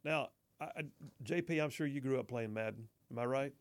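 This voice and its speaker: A talk radio host with a medium-pitched voice chats briskly and wryly in casual commentary, reading listener texts aloud and laughing along.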